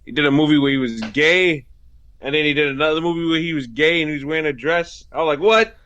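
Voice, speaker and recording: A man co-hosting a podcast, talking bluntly and profanely with animated joking. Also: on the high side, fast talker, clean tone, highs cut off. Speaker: podcast co-host. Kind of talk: casual chat.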